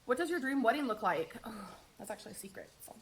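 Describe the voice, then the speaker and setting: An upbeat woman talks her viewers through a makeup routine in a casual get-ready-with-me vlog. Her voice is a touch high for a woman. She slips in dry, sarcastic jokes between steps. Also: very animated, fast talker. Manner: chatty and upbeat, with wry sarcastic asides. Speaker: beauty vlogger.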